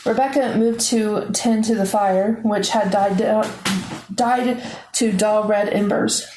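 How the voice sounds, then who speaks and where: A woman reading a novel aloud in a steady, measured way. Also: mid-range voice, roomy sound, background noise. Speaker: audiobook reader.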